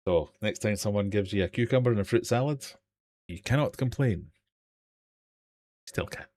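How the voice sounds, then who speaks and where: A man's voice: lowish voice, normal speed, a little mellow, slight background noise. A man with a British accent hosting a live-stream quiz from his fish room, reading questions and joking with the chat. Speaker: quiz host.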